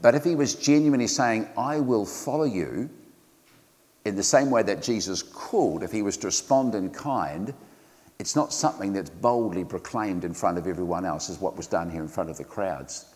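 New male pastor, low voice, earnest conversational sermon delivery, long reverb of a church hall. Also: brisk, a little mellow. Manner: earnest, conversational preaching with frequent fillers and restarts.

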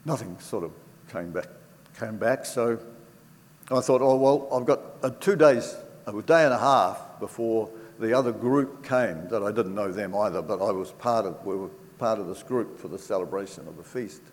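An older man giving a personal faith testimony to an audience, telling it earnestly and from the heart, with pauses and restarts. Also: lowish voice. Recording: reverberant hall with faint background noise.

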